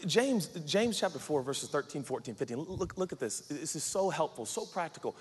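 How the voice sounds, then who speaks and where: A man from the Pacific Northwest preaching a sermon, animated, acting out quotes and swinging between shouts and hushed lines. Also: on the high side, a little fast, breathy edge. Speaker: pastor. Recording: reverberant hall.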